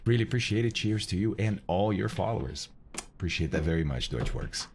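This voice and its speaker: Deep-voiced Brazilian man greeting his stream. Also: expressive, a little fast, a little hiss or hum. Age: middle-aged. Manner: greets chat members one by one, hushed at times to keep quiet. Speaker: streamer host. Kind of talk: casual live-stream chat.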